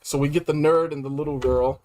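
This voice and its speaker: A man's voice: on the high side, steady tone, fairly quick, a little mellow. A man casually recapping a video game in a slangy, rambling way, sounding like he has a cold. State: sick with a cold. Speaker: game reviewer.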